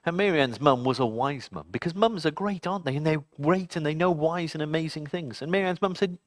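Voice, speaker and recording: A man telling a story to children in an animated, dramatic way, speaking to the kids directly. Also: fairly high pitch, fairly quick, no echo, clean studio sound.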